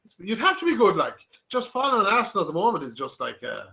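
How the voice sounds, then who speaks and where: Rambling bright-voiced man. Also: sits high, huge pitch swings, fast talker, gravelly. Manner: rambling, many restarts and likes. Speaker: podcast guest. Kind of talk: casual chat.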